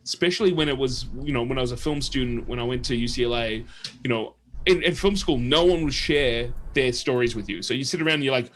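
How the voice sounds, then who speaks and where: A man's voice: medium pitch, fast talker, fairly bright tone. A man hosting a casual livestream chat, telling long rambling stories and acting out the people he quotes. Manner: rambling storyteller who acts out quoted people. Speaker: show host.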